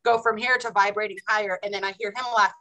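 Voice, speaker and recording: Bright-voiced woman in animated spiritual chat. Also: medium pitch, quick pace, rough recording. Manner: animated, acts out quotes of family. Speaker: guest.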